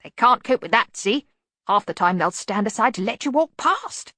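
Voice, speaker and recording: A woman reading an audiobook voices a neat, precise veteran thief with a soft, half-whispered voice. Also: a little high, big pitch swings, normal speed, no echo, clean studio sound, voice pushed up, heavily acted. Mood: calm. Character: neat, precise older thief, calm and fussy.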